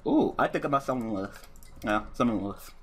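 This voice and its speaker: A man's voice: mid-range voice, expressive, fast talker. A young man casually commenting on his own card game duel, profane and rambling, breaking into angry rants and restarting his sentences. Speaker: gaming YouTuber.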